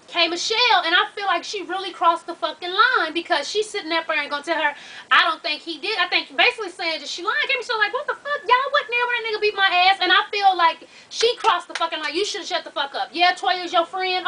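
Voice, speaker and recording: High bright-voiced woman, sassy and cussing, recapping the show for y'all, kinda far from the mic. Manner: blunt, profane, sassy, laughing asides; calls the viewers "y'all" and "honey". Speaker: vlogger recapping a reality show. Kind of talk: casual chat.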